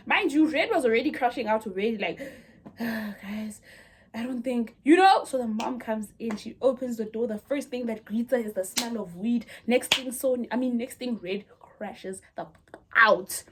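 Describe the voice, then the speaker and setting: Young girl doing a storytime vlog, chatty and dramatic, slightly high voice. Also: moderate pace, background noise. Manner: chatty, dramatic, addresses viewers. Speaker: vlogger. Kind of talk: casual storytime.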